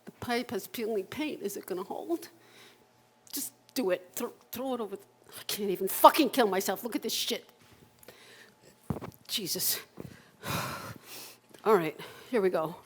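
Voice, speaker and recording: A woman in her sixties performing an autobiographical one-person stage monologue, raw and emotional, with halting repetitions and bursts of swearing. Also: mid-range voice, animated, slightly rough. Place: live performance at a community center.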